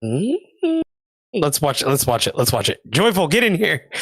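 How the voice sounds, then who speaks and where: A man co-casting a live card game tournament, relaxed and slangy in casual chat. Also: fairly high pitch, moderate pace, husky, no echo, clean studio sound. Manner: laid-back and slangy. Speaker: co-caster.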